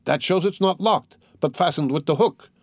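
A man reading a story aloud, voicing an excited, insistent young male law student. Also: a little high, normal speed, breathy edge, no echo, voice pushed up. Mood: eager.

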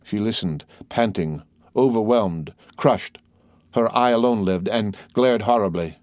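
A man narrating an audiobook of a classic novel in a steady, formal storytelling manner. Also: lowish voice, unhurried, dry recording. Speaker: audiobook reader. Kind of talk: scripted narration. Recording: dry close audiobook recording.

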